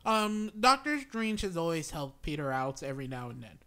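Bright, sharp-toned woman co-host, joking casually and acting out lines. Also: deep voice, big pitch swings, normal speed. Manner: joking, acts out quoted lines. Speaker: podcast co-host. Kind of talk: casual chat.

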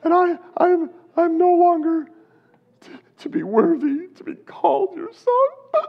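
A repentant young son begs forgiveness in a high, strained voice that trips over itself, as a man puts him on. The pleading sits well above a normal speaking pitch. The sound is somewhat muffled. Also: very animated, vocal fry, exaggerated voice. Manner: halting, voice rising.

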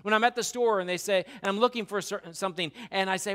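Male pastor, casual sermon delivery, acts out quotes, punches repeated words loudly. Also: high voice, fast talker, few pauses, clear, resonant tone. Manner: conversational preaching with acted-out quotes and rising emphasis. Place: church sanctuary.

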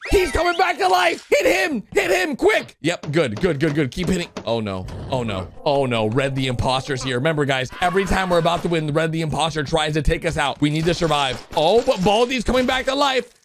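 A man giving excited commentary over animations, swinging from loud shouts to low mutters. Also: fairly quick, hardly any pauses, a little hiss or hum. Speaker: YouTube commentator.

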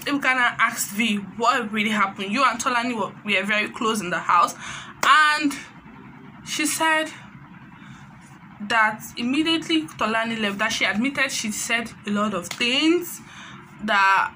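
A woman with a Nigerian accent chatting through a casual gossip recap of a reality show, animated and sprinkling in Pidgin phrases. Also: on the high side, a little hiss or hum, low-quality recording.

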